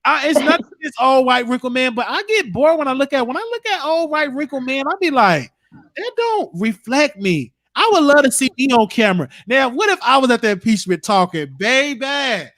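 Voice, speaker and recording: A high-pitched man hosts a casual livestream chat. He rambles and speaks bluntly, dropping curse words freely. His voice is dry and close, with no room echo. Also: lively intonation, fairly quick, few pauses, a bit bright. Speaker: show host.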